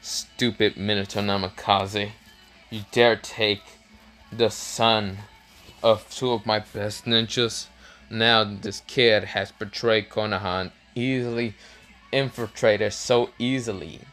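A man's voice: fairly low pitch, steady tone, slow pace, a bit bright, soft background music. A man voicing a crude, scheming old male village elder who blusters and swears.

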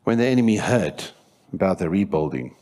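A South African man preaching a sermon in church, telling stories with animated acted-out voices and shouting for emphasis. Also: sits low, fairly quick, slight background noise. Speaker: pastor.

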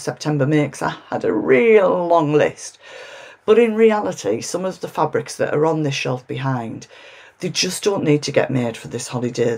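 A woman's voice: rumbling low, a little mellow, slightly rough. A British woman chatting casually to camera as a sewing vlogger, rambling along with self-mocking asides.

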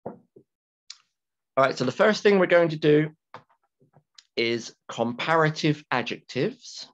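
Slow, deliberate male English teacher. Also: fairly high pitch, expressive. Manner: slow, deliberate, repeats key words and stretches them for emphasis. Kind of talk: recorded classroom grammar lecture. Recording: dull lo-fi lecture recording with keyboard typing.

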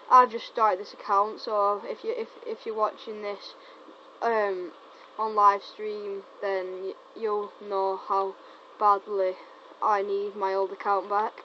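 Teasing gamer, dull lo-fi sound. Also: female voice, mid-range voice. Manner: teasing, excitable, stumbling over words. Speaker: gameplay commentator. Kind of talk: casual live gameplay commentary. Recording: dull lo-fi recording with faint noise.

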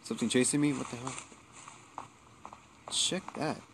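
A man giving casual let's play commentary, excitable and jumpy, swearing when startled. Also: mid-range voice, measured pace, slight background noise. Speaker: gameplay commentator.

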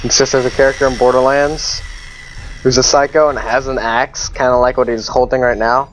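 A man commentating a horror game, jumpy and swinging from muttering to panicked yelling, his voice cracking from screaming. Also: mid-range voice, little pitch movement, fairly quick, a little hiss or hum, rough recording. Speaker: let's play gamer.

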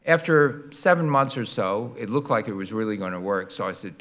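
An older man giving a public university lecture, explaining science with animated sound effects and demonstrations. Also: fairly low pitch, brisk, hardly any pauses. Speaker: guest lecturer. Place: lecture hall.

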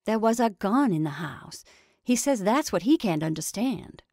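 A woman voicing a stout, blunt farm wife who speaks firmly and more loudly than the narration. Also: mid-range voice, animated, moderate pace, no room sound, studio quality, lightly acted. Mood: grim, firm. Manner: firm, forceful, louder than narration. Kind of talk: reading a short story aloud.

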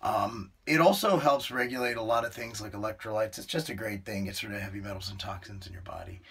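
A man's voice: fairly low pitch, quick pace, a bit bright. A middle-aged man vlogging casually about his meals, blunt and joking, with some swearing. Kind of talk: casual vlog narration.

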